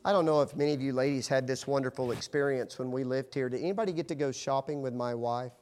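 A middle-aged pastor, a man, preaching with animated storytelling that swings from hushed to loud. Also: mid-range voice, fast. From United States. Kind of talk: sermon.

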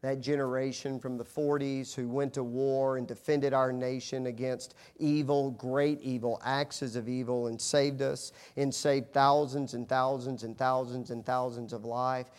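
A middle-aged pastor, a man, preaching with animated storytelling that swings from hushed to loud. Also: medium pitch, unhurried, hardly any pauses. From United States. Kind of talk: sermon.

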